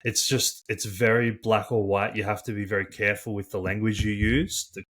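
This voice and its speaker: A man with a fairly low voice co-hosts a relaxed podcast, telling stories with animated, chatty energy. He scatters filler words and swearing through his talk. He sounds close to a studio mic. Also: a little fast. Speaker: podcast co-host and coach. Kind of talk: casual podcast chat.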